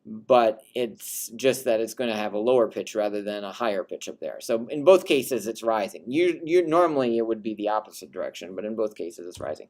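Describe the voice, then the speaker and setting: A man's voice: lowish voice, animated, a little fast, hardly any pauses, darkish tone. A man teaching Latin in a recorded lecture, patiently explaining and demonstrating rising and falling intonation on example phrases.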